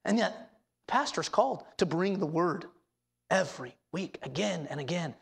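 A woman pastor preaching a sermon in an earnest, emphatic way, dropping low and soft on key words and asking the congregation questions. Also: lively intonation, moderate pace, vocal fry, slightly rough. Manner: asks the congregation rhetorical questions.

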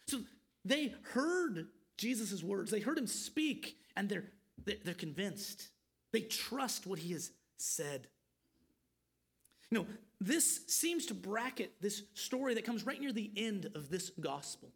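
A man's voice: high-pitched, husky. A man preaching an expository sermon, earnest and pleading, asking his listeners questions.

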